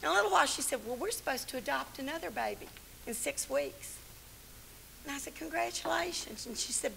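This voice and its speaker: A middle-aged Southern American woman preaches to a women's church gathering, her fairly high voice gravelly with creak and bright, almost sharp in tone. She tells her story with humor and animation, and a faint hiss sits under the recording. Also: animated, a little fast, low-quality recording. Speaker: women's ministry speaker. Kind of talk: storytelling sermon. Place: church hall.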